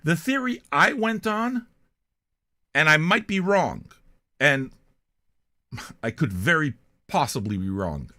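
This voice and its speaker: A man's voice: fairly high pitch, very animated, takes it slowly, long pauses, bright, forceful tone. An older man from Canada, hosting a music reaction show in a blunt, profane, rambling monologue.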